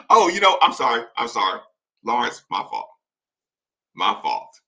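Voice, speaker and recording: A man's voice: medium pitch, wildly swooping pitch, a little slow, creaky, long pauses, bright, forceful tone. A man hosting a casual late-night live show, rambling as he reads and answers chat comments.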